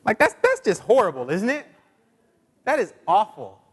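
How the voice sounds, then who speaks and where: A man preaching a sermon in a casual, chatty way with many fillers, now and then putting on high squeaky voices for quotes. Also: huge pitch swings, normal speed, husky, big-room sound. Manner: puts on high squeaky voices when quoting people. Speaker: pastor.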